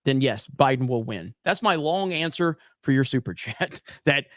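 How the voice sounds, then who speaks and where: A man's voice: medium pitch, expressive, a bit bright, dry recording, clean studio sound. A man hosting a political commentary stream, talking in a heated, profane way. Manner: heated, profane, rapid back-and-forth.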